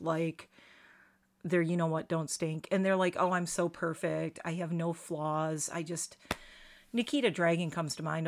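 A middle-aged woman with a fairly low voice and a slight lisp on her S sounds talks casually to viewers on a live stream. She rambles, restarts her sentences and fills gaps with ums. Her tone stays chatty and self-deprecating. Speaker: beauty vlogger doing a live stream.

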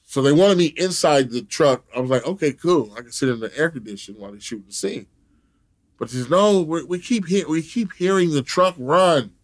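Guy spinning a wild cussing story in an interview, high-ish voice, keeps laughing and doing the other voices. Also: expressive, a little fast. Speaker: interview guest. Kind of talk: profane storytelling.

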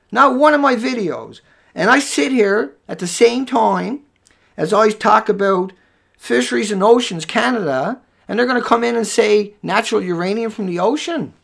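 A man hosting a livestream who rants furiously, hurling profane insults and sometimes shouting. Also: high voice, creaky. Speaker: livestream host. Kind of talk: angry livestream rant.

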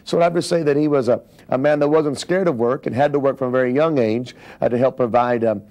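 A man's voice: mid-range voice, fast talker, a little mellow. A man giving a biographical teaching talk, explaining in a plain way and adding personal asides. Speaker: speaker recounting a minister's biography.

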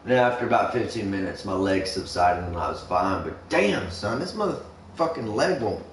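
A man's voice: on the low side, lively intonation, moderate pace. A young man streaming a game, chatting casually in a rambling, swear-heavy way full of fillers. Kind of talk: casual chat while gaming. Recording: echoey room, mic far off, faint noise.

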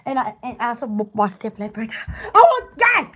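A woman's voice: a little high, very animated, normal speed, fairly bright tone, husky. A woman with a Southern accent chatting casually in a rambling, giggly way, as a store owner on a live stream.

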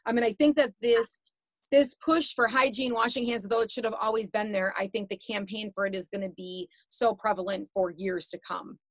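A woman's voice: medium pitch, steady tone, normal speed, no room sound. Chatty woman host, encouraging, dry close sound. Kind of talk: interview host questions.

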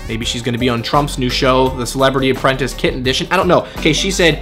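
A man's voice: medium pitch, steady tone, fast talker, few pauses, fairly bright tone, slightly rough, soft background music. A man vlogging and reading comments aloud in a sarcastic, exasperated way. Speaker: YouTube vlogger.

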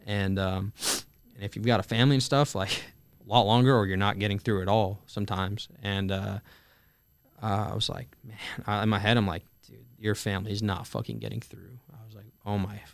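A man's voice: fairly low pitch, steady tone, fairly quick, smooth, dry recording. A young man in his twenties telling a war story in casual conversation, full of fillers and swearing, acting out the dialogue. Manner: frequent fillers and swearing, acts out quoted dialogue. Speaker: Marine telling his story as a podcast guest.

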